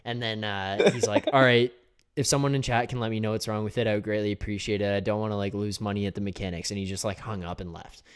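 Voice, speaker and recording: Laid-back male stream host, slightly low. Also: fairly even intonation, fast talker, clean tone. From Canada. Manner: laid-back, chatty, laughs often, reads chat comments aloud. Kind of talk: casual post-game stream chat.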